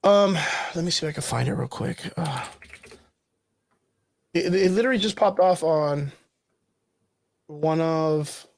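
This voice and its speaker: A man co-hosting a casual livestream chat, talking in an animated way and laughing easily. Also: fairly high pitch, a little slow, vocal fry, pauses often, no echo. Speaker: podcast co-host.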